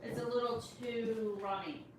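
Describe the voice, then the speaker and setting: A woman's voice: a little high, fairly even intonation, unhurried. A woman with a Southern US accent, from Georgia, co-hosting a casual cocktail livestream at home in a folksy, chatty way. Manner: chatty, folksy, says y'all often. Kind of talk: casual chat. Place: home bar area. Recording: echoey room, distant mic, noisy.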